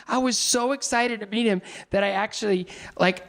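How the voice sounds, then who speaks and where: A man in his sixties, a guest in a casual chat, telling rambling, animated stories full of restarts. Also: sits high, moderate pace, creaky.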